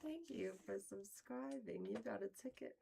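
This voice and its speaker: A woman's voice: mid-range voice, lively intonation, moderate pace, vocal fry, heavy background noise. A woman hosting a casual livestream, talking playfully and theatrically to her chat, with frequent laughs, mock outrage and sudden whispers. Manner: laughs often between lines. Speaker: livestream host.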